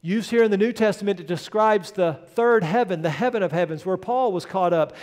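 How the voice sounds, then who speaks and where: A man preaching a sermon as pastor, emphatic, building to loud peaks and then dropping soft. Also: high voice, brisk, hardly any pauses, big-room sound. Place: church sanctuary.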